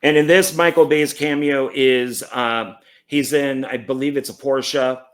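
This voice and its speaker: Man, casual collection vlog, rambling, self-correcting, mid-pitched voice. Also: unhurried. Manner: rambling, self-correcting, stumbles over names; relaxed, enthusiastic about films. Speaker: movie collector.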